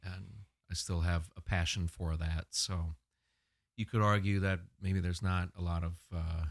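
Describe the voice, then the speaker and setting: A man from Minnesota, a guest musician, talking quietly and in a measured way in casual podcast chat. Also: low-pitched, flat delivery, no echo, clean studio sound. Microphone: podcast mic at a bar table.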